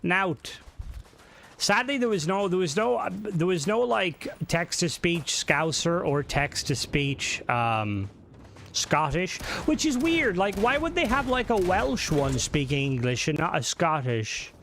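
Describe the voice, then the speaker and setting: On a live stream reviewing game mods, a man speaks a little slowly in a high, creaky, fairly bright voice with big pitch swings. He rambles, jokes and swears freely, humming and singing to himself between remarks, over slight background noise.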